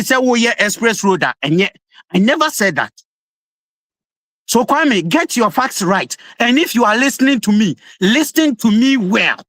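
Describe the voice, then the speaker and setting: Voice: medium pitch, a bit bright, no room sound. A speaker from Ghana with a Ghanaian English accent, an opposition party spokesperson arguing hard in a live political debate and switching languages mid-sentence. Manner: insistent, emphatic, code-switching mid-sentence.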